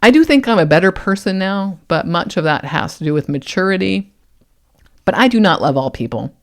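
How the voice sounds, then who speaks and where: A woman from Kentucky, a YouTuber answering a critical comment in a measured, wry and pointed way. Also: on the low side, expressive. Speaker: atheist YouTuber. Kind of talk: commentary vlog responding to a comment.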